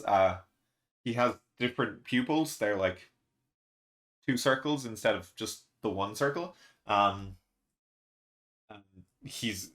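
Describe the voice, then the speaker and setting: A man hosting a casual reaction and review, excitable and rambling, laughing often between fillers. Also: medium pitch. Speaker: manga reaction channel host.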